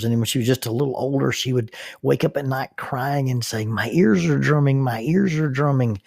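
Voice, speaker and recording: A man's voice: mid-range voice, darkish tone, slightly rough, no room sound, clean studio sound. A middle-aged man hosting a podcast, telling humorous, folksy personal anecdotes. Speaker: podcast host and counselor.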